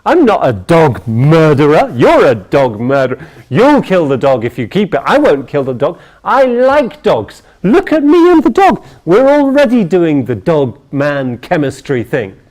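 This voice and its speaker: A man voicing an excitable, gushing male salesman in an acted-out anecdote. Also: fairly high pitch, a little slow, rough recording. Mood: excited. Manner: exaggerated, excitable.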